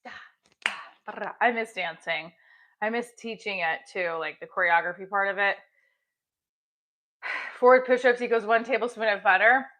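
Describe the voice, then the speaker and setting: A woman's voice: medium pitch, moderate pace, pauses often, pushed and bright. A middle-aged woman hosting a casual livestream, chatting while she exercises, with small effortful grunts. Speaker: livestream host.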